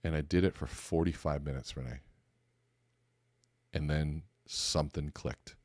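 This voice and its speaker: In a dry, studio-quality recording, a podcast host with an extremely low voice speaks at a measured pace. He is a speaker coach giving a motivational talk on conversation. His storytelling is animated, and he raises his voice to act out the dialogue.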